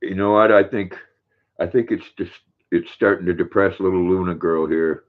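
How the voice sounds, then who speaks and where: A man's voice: sits low, steady tone, moderate pace. An older man hosting a casual livestream, chatting easily, reading viewer comments aloud and cooing to his dog. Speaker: livestream host. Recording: tinny phone-like sound.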